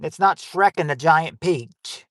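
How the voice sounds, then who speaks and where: Reading out survey answers on a family game night livestream, a host fills the gaps with rambling jokes and crude wisecracks. He speaks unhurriedly in a fairly high, fairly bright voice, recorded in a clean studio without room sound.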